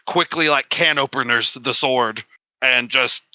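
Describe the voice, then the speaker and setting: Slow, bright-toned man player. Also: medium pitch, dry recording. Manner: unhurried, laughs often. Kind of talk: tabletop role-play chat.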